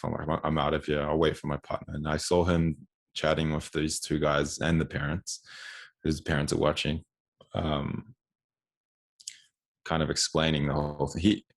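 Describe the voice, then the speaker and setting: A man's voice: rumbling low, flat delivery, moderate pace, vocal fry. A man in his twenties, a podcast guest, telling a story casually with frequent restarts and acted-out quotes. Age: 20s.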